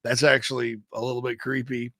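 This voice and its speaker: A man co-hosting a casual sports podcast, animated and talkative, who bursts into loud movie-quote impressions. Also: medium pitch, a little fast, no echo, studio quality. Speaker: podcast co-host.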